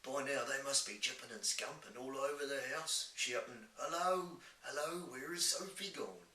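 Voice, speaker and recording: A man voicing a huge, kindly male giant who talks in a slow drawl with mangled grammar. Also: medium pitch, steady tone, bright, forceful tone, voice pushed up. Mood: gentle, concerned. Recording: roomy, distant mic, faint hiss.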